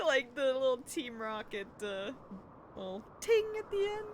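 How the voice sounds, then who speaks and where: A young woman streaming a game, reacting excitedly and emotionally, with frequent laughter. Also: fairly high pitch, moderate pace. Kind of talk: live game stream commentary. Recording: game music behind.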